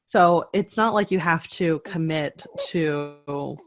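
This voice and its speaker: A woman hosts a relaxed interview and trades stories with her guest. She asks curious follow-up questions in an easy, conversational voice. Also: sits low, takes it slowly, no room sound, clean studio sound. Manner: curious, shares anecdotes, asks follow-ups. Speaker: podcast host. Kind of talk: casual interview chat.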